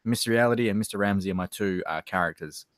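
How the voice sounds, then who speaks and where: This is a man chatting as a guest on a late-night livestream. He jokes around and keeps things playful. His voice is very deep and recorded close with no room echo. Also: fast talker. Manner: playful and joking. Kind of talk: casual livestream chat.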